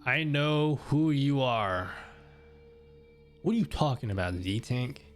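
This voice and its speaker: Speaking slowly but in an animated way, a man with a medium-pitched voice streams live and chats loosely with viewers, laughing frequently. His audio comes from a studio mic through a mixer, and soft music plays behind him.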